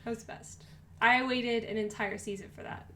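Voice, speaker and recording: A woman co-hosting a live-stream podcast, chatting casually in a playful, excitable way. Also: fairly high pitch, moderate pace. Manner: playful, excitable, jokes a lot. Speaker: podcast co-host.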